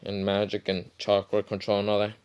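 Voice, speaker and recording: A man's voice: lowish voice, completely flat delivery, fairly quick, a little mellow, clear, resonant tone, muffled recording. Rambling young man telling a fan story. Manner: rambling, many fillers and asides. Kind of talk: casual retelling of a fan-fiction story.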